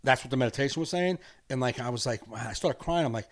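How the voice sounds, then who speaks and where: A man's voice: medium pitch, lively intonation, quick pace. Rambling, earnest man on a podcast. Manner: rambling, earnest, laughs easily. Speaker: podcast host. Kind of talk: casual podcast conversation.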